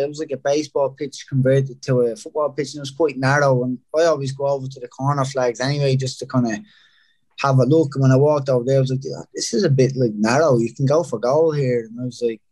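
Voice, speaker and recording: A man's voice: medium pitch, no echo. Irish guy, thirties, easygoing interview guest, dry close sound. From Ireland. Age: 30s. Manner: relaxed, laid-back storytelling with many fillers. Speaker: professional footballer, guest. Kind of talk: casual interview chat.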